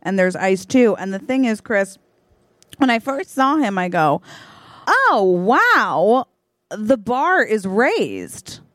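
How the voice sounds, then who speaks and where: A woman co-hosting a comedy podcast, improvising a story and acting out the quoted lines with lively energy. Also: on the high side, takes it slowly, no room sound, studio quality. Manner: animated, acts out quoted lines. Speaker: podcast co-host.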